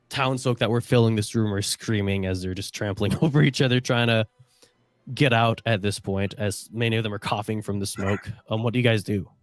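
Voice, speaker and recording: A man's voice: on the low side, dry recording, studio quality. A man narrating a tabletop game as game master, describing scenes at length with frequent fillers.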